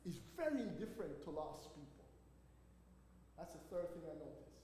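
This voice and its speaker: High-voiced pastor preaching in a reverberant church. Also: male voice, sing-song, moderate pace, dark tone. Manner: call-and-response preaching, asks the congregation questions. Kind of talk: sermon. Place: church sanctuary. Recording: long church hall reverb.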